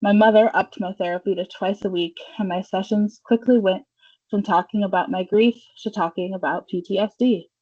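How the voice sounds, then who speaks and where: A woman's voice: mid-range voice, steady tone, normal speed, dark tone, no room sound, lo-fi sound. A woman at a reading, hesitant and apologetic as she introduces her piece before reading a literary excerpt. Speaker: student reader.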